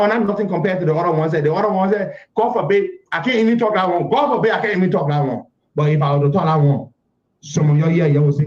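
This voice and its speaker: A man, giving an impassioned public address full of repetition and rhetorical questions. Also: sits high. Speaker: political figure. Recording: echoey, dull lo-fi clip.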